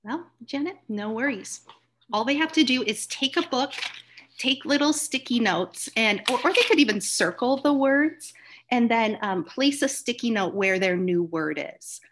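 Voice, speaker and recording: A woman's voice: on the high side, animated, normal speed, fairly bright tone, slight background noise. Woman explaining reading activities. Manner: informal, uses fillers while explaining. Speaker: reading presenter. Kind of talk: explaining classroom activities in a live session.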